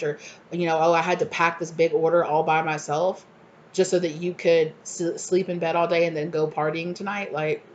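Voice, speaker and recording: A woman's voice: low voice, flat delivery, moderate pace, a little hiss or hum. Chatty woman tarot reader, lo-fi recording. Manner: chatty, acts out quoted people in exasperated voices. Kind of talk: casual tarot reading to camera.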